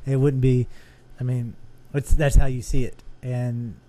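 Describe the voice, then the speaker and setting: A man's voice: mid-range voice, level tone, measured pace, dark tone. An earnest man co-hosting a casual discussion podcast, steering the talk with questions. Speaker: podcast co-host.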